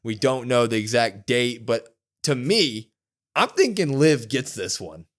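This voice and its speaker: A man co-hosting a podcast who recaps a wrestling show in an easygoing way. He gets animated as he retells it and acts out the quotes. His voice sits at an ordinary middle pitch. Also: a little slow. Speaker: podcast co-host. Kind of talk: casual wrestling recap chat.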